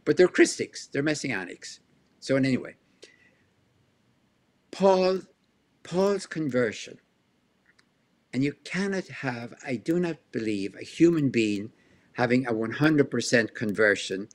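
A male historian answers an interview question in a lively, explanatory way. He stacks rhetorical questions and chuckles between points. His voice sits at an ordinary middle pitch. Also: a little slow, pauses often. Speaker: historian guest.

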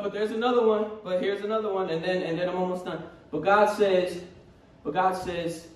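A man preaching a fervent sermon as pastor, building to shouts and repeating his phrases. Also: high-pitched. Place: church sanctuary. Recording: echoey church hall from far off, congregation behind.

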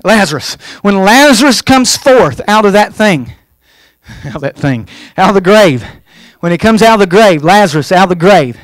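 A guest pastor, a man with a voice on the high side, preaches a fervent revival sermon in a church, caught on a dry recording. Folksy humor runs through it as he swings from quiet asides to loud, shouted calls.

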